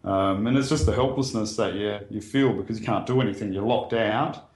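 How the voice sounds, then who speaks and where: Earnest Australian man, low and roomy. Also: brisk. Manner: plain-spoken and earnest, with frequent ums and restarts. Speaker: guest sharing a bushfire story. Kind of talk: casual spoken recollection. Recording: roomy echo.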